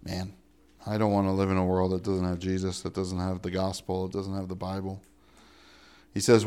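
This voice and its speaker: Man preaching a relaxed, jokey sermon. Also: moderate pace, smooth. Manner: conversational, jokey asides, rhetorical questions; swings between loud emphasis and quiet lows. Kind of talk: casual sermon.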